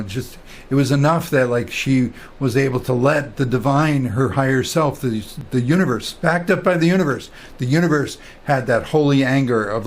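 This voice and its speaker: A man giving a casual spiritual talk, rambling with many fillers and restarts as he tells stories. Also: mid-range voice. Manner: storytelling, quoting others in quiet voices. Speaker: spiritual teacher.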